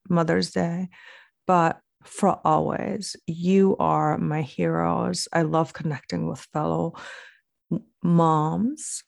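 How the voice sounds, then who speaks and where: A woman's voice: lowish voice, vocal fry, a little mellow, dry recording, clean studio sound. A woman podcast host and aesthetic doctor giving an earnest, affirming monologue from her home office desk over a video call. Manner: earnest, affirming, slow and deliberate. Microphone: video call recording.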